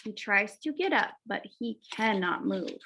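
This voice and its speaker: A woman teacher reading a children's picture book aloud, expressive, adding little asides to young listeners. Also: medium pitch, unhurried, background noise. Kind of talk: children's storybook read-aloud.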